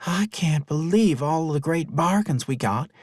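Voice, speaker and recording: A man's voice: on the high side, lively intonation, measured pace, a little mellow, no echo, clean studio sound, voice pushed up. A man voicing a cheerful woman friend who talks with a grin. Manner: cheerful, grinning.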